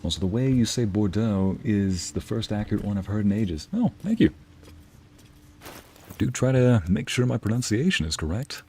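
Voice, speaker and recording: A man's voice: fairly low pitch, animated, moderate pace, darkish tone, slight background noise. A man streaming a video game, chatting casually with viewers and answering their messages, sometimes slipping into Spanish phrases. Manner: chatty, reads and answers chat aloud, drops into Spanish phrases.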